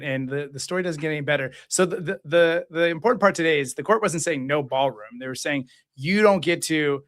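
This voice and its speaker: A man co-hosting a casual political chat, jokey and laughing often, with halting fillers. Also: on the high side, a bit bright. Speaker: co-founder and show regular.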